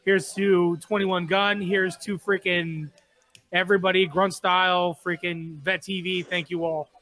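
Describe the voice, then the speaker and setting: High-voiced man, earnest and choked up. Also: level tone, a little slow, sharp tone, rough recording. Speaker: podcast guest. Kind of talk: emotional podcast toast. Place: loud gathering.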